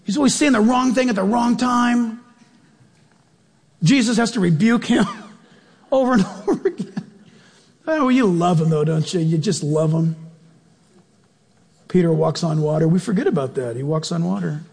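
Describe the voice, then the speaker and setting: A man preaching a sermon in a church, animated, acting out quotes and questioning his congregation. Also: high-pitched, normal speed, vocal fry, long pauses, breathy edge, in a large hall.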